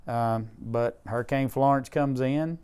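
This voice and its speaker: Earnest man, smooth voice. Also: medium pitch, measured pace, darkish tone. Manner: earnest, emotional storyteller with Southern grammar. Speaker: disaster relief charity leader. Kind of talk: interview storytelling.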